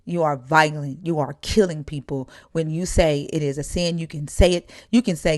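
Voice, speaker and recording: A woman's voice: sits low, steady tone, moderate pace, few pauses, no room sound, clean studio sound. A woman telling stories in a blunt, profane, heated way, in candid conversation.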